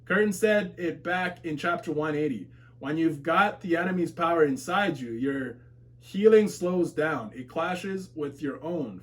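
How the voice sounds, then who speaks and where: A casual, excitable man reads viewer comments aloud on a live reaction stream. His voice sits a little high for a man and swings from low mutters to loud yelps. He laughs and swears freely as he reacts. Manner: excitable, swears and shouts at plot twists, laughs often.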